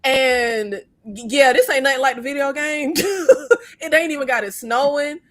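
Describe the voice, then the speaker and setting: A woman hosting a casual movie review chat, blunt and profane, talking in an animated way. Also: high-pitched, normal speed. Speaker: host.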